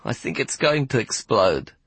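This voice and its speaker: A man voicing a loud, coarse and bossy big woman who curses theatrically and orders people around, in an audiobook. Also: medium pitch, big pitch swings, normal speed, creaky, slightly rough, no echo, full character voice. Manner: foul-mouthed, imperious, theatrical complaining. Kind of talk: audiobook character voice.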